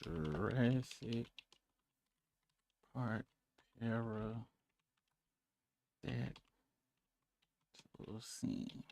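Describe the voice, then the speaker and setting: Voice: medium pitch, expressive, drawn-out words, gravelly, long pauses, darkish tone, a little hiss or hum. A live-stream host in casual, profane, rambling chat, breaking into incredulous outbursts.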